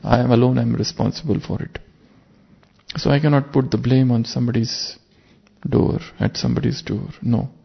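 A spiritual teacher delivers an earnest, reflective sermon built around a parable, posing rhetorical and searching questions to his listeners. He has a gravelly, mid-range voice. The recording is muffled and lo-fi.

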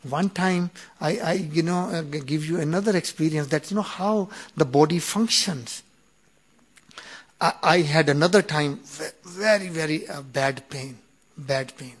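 A man in his fifties telling a personal story, halting and full of restarts, acting out the quoted dialogue. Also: a little high, breathy edge. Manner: animated retelling with acted-out quoted dialogue; halting, with many restarts and "you know". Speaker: speaker sharing a personal story.

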